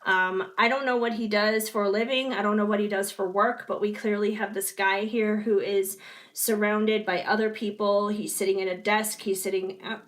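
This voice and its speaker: A woman giving a chatty live-streamed tarot reading, her voice hoarse from hours of talking. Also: mid-range voice, steady tone, moderate pace. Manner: chatty, reassuring, apologetic asides. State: hoarse, clearing her throat. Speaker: tarot reader.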